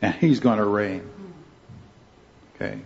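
Speaking slowly in a fairly low voice, a man teaches a Bible study class, earnestly leading the group's discussion and checking in with "right?" and "okay." The recording is dull and lo-fi.

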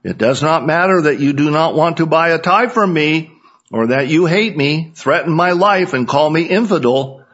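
A man voicing a frail, patient little old man selling ties, speaking calmly and politely. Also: a little high, moderate pace, muffled recording, voice pushed up. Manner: calm, polite.

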